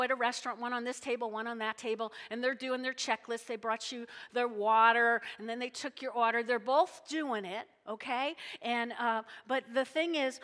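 A woman delivering a sermon with a chatty, joking manner, slipping into little acted-out scenes. Her voice sits a bit high and rings bright. The sound trails off in the long reverb of a big church sanctuary. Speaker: preacher. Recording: long reverb of a large hall.

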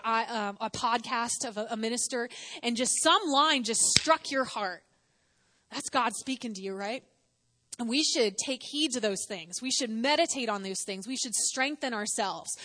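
A woman's voice: a little high, fairly bright tone. A woman preaching a sermon in a conversational way, asking the audience questions and acting out quotes.

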